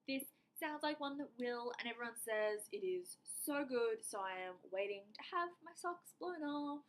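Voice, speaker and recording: A young Australian woman talks through a casual book haul in a bright, higher-pitched voice. She is chatty and eager, with lots of "like" and "um" scattered through her sentences. She sounds like she is sitting in a room at home. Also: animated, normal speed, rough recording. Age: young adult. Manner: chatty and enthusiastic, filler-heavy. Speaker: book vlogger. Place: indoor room with air conditioning.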